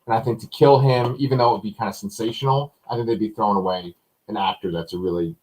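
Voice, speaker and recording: A man in his late thirties casually hosting a live TV review chat, animated and laughing often. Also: fast talker, poor audio. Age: 30s. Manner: animated, laughs a lot, mimics lines in a high voice. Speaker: host.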